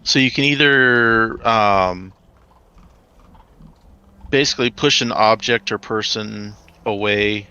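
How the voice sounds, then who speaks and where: A man's voice: fairly low pitch, fairly even intonation, slow, long pauses, sharp tone, clean tone. A man playing in a tabletop game, reading spell rules aloud in an unsure way. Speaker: player. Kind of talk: casual tabletop game talk. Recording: dull lo-fi microphone.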